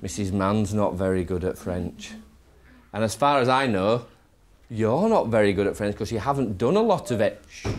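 A man's voice: lowish voice, expressive, normal speed. A man, a primary school teacher talking to his class and a colleague in a chatty, self-deprecating way. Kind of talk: classroom talk and staff chat.

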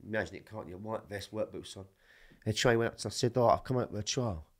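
A man with a low voice tells his stories with a lot of energy. He swears all the time and keeps the chat loose and casual. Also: fast talker. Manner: swears constantly, animated storytelling. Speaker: podcast guest.

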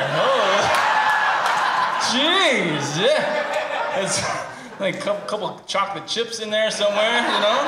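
A man performing a stand-up comedy set on a theater stage, chatty and laughing through his punchlines on a handheld mic. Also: high voice. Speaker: stand-up comic. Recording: echoey theater, loud background noise.

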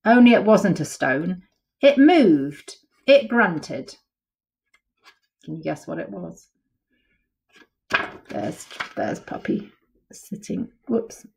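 A woman reading a picture book aloud to children as a storyteller, lively and pointing out the pictures. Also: lowish voice, slow pace, vocal fry, long pauses. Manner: lively, gives characters voices, points out pictures.

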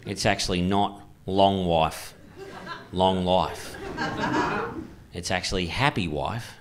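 Older outback Aussie dad, low and earnest, confides fatherly advice as put on by a man, noisy live club tape. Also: takes it slowly. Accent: Australian.

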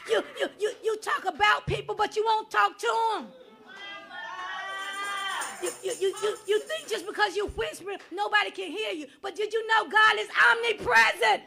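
A woman preacher with a very high voice, bright and gravelly at once. She drives the sermon hard, hammering the same questions home again and again. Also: normal speed, soft background music. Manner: impassioned preaching, repeating rhetorical questions. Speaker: guest preacher.

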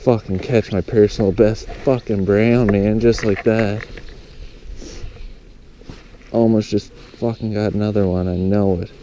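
Excitable swearing man fishing outdoors. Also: fairly low pitch, unhurried, pauses often, slight background noise. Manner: excitable, swears a lot, exclaims loudly. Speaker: fly fishing vlogger. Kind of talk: excited outdoor vlog commentary. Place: outdoors by a lake.

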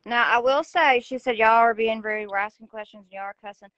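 Gal w/ sarcastic little asides, muffled dry mic. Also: female voice, on the high side, fairly quick, fairly bright tone, no echo. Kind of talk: casual heated chat.

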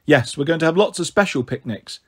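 A man voicing a caring, bossy big-sister girl with a brisk, mothering way of talking, raising his voice higher than his narration. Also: lively intonation, breathy edge. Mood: coaxing.

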